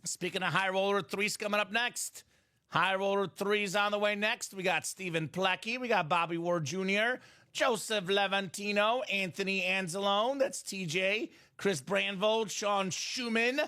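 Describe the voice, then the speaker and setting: A young man hosting a live sports card break, hyping items and bantering with viewers in quick sales patter. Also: high voice. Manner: energetic, shouts and jokes with viewers.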